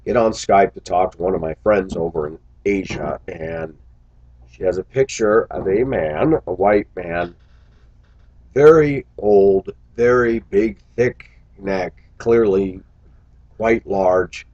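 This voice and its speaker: A man's voice: deep voice, slow pace, a little mellow, lo-fi sound. A man talking to his viewers in a casual vlog monologue, musing aloud and breaking into exclamations. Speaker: vlogger.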